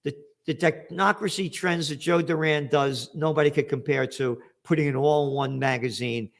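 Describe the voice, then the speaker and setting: A man in his seventies from the United States, speaking with a New York accent, hosts a blunt, profane, combative commentary monologue. His voice is fairly high with vocal fry, fairly even in intonation, at a moderate pace.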